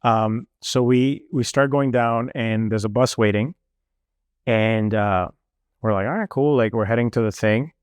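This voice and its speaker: A young man recounts a trip in easy, animated chat, his voice sitting in a middle register. He stumbles through fillers and slips into quick impressions of the people he met. The sound is dry and close. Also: mid-range voice, clear, resonant tone, dry recording. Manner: animated, lots of fillers, mimics officials. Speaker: guest telling a travel story. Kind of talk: casual storytelling.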